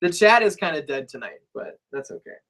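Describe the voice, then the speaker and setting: A man's voice: a little high, very animated, brisk, sharp tone. A young man hosting a casual talk show, joking around and reading out viewer comments. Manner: joking, reads chat comments aloud. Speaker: podcast host. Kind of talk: casual chat.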